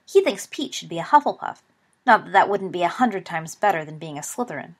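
Woman reader as steady teen boy, firm, cool, storybook. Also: fairly low pitch, a little fast. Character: earnest, protective teenage boy.

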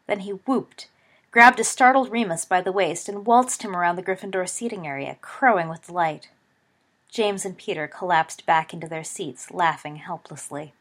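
Expressive woman reading a story aloud. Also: lowish voice, moderate pace. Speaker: narrator. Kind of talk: audiobook reading of fan fiction.

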